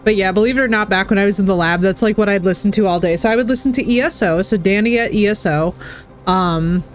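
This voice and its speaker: Chatty woman streamer over soft music. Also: mid-range voice, fast. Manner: chatty, animated, slips into put-on voices. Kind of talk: casual chat while gaming.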